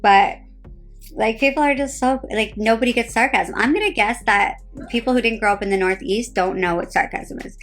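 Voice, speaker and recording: A woman's voice: on the high side, moderate pace, fairly bright tone. New Jersey woman, 30s, tired and sarcastic, rambling phone-live chat with faint background music. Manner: rambling, heavy "like" fillers, sarcastic. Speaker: reality TV personality on a live stream. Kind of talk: casual live-stream chat.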